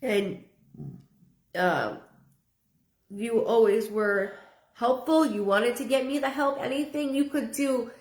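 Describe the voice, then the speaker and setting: A woman's voice: on the high side, slow, long pauses. Woman medium, earnest, repeats herself; live reading in a reverberant room. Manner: earnest, repeats phrases, relays a spirit's words in first person. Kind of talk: live-stream spirit reading.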